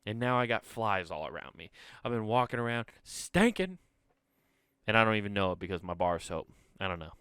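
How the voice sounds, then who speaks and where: A man hosting his own comedy podcast, ranting casually with rambling, profane, animated talk. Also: on the low side, brisk, clean tone, no echo, studio quality.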